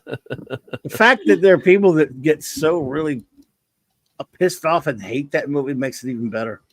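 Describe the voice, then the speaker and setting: A man's voice: fairly high pitch, lively intonation, moderate pace. A man co-hosting a casual livestream chat, easygoing and rambling. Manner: easygoing, rambling, trails off mid-thought. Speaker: co-host.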